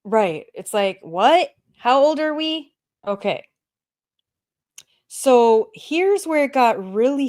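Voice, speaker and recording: A woman's voice: on the high side, darkish tone. A woman co-hosting a casual podcast, reading comments aloud in a mocking voice and laughing often. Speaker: podcast co-host.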